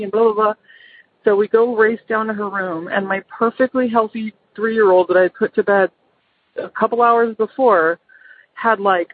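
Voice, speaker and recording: A woman's voice: mid-range voice, normal speed, slight background noise. A middle-aged mother calling in to tell a personal ghost story, hesitant, with many ums and restarts. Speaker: caller. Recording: phone line.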